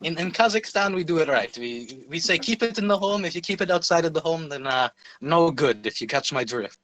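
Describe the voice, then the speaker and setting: A man's voice: on the high side, expressive, moderate pace, bright, forceful tone, poor audio. A man doing a hammy put-on foreign accent as a boastful male reporter.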